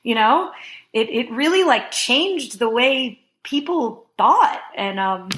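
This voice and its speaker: A woman in her thirties speaks as a podcast guest, her voice slightly high. She tells a long story in a casual, animated way, breaking into laughter and filling her talk with "like.". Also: slow pace, a little hiss or hum. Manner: animated, laughing, heavy use of "like".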